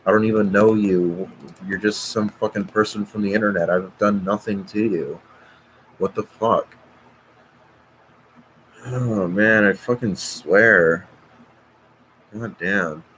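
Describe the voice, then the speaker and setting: A man's voice: lowish voice, fairly even intonation, slow, pauses often, fairly bright tone, slight background noise, poor audio. A man hosting a live stream, reading out viewer comments and swearing, agitated. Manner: profane, agitated, reads viewer comments aloud. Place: at home.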